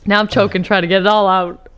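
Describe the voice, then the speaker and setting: A woman co-hosting a podcast in casual chat, bantering and laughing often. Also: mid-range voice. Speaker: podcast co-host.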